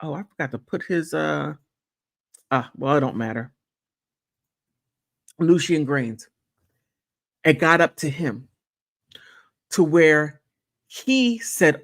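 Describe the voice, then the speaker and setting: A woman's voice: low voice, lively intonation, slow, vocal fry, long pauses. A woman hosting a casual commentary monologue, rambling with repeats and chatty asides. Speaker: channel host.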